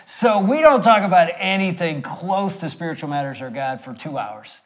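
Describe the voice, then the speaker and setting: A man in his sixties preaching through a personal story, acting it out with swings from loud to hushed. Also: on the high side, moderate pace. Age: 60s. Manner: animated, acts out the scenes with swings between loud and hushed. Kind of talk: storytelling sermon.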